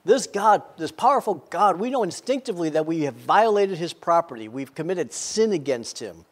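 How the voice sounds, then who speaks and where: Man, pastor, sermon, stammered repeats, slightly high pitch. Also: expressive, moderate pace. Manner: storytelling with frequent stammered repeats.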